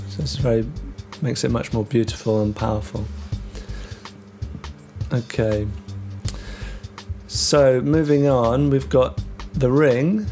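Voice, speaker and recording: A man teaching English vocabulary, talking through words with many ums and restarts and slowing down on the key terms. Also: mid-range voice, a little mellow, soft background music. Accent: British English. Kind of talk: explaining vocabulary to learners.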